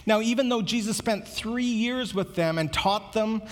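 High-voiced preacher in a reverberant hall. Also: male voice, normal speed. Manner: earnest, conversational preaching with repeated words. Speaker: pastor. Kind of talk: sermon.

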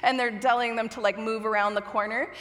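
A young woman with a fairly high voice preaches from a church stage, casual and self-deprecating, with a touch of nerves. Her words ring out into a long, lingering hall reverb. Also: fairly even intonation, brisk. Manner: warm, chatty and self-deprecating, a little nervous. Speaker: guest preacher from children's ministry. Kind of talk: sermon. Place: church auditorium with stage lights.

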